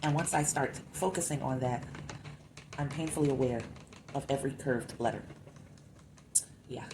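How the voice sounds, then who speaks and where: A very low-pitched woman with a slight lisp talks through her crafting in a relaxed, thinking-aloud way. The recording carries clear background noise from the room. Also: moderate pace. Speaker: craft vlogger. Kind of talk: casual crafting narration.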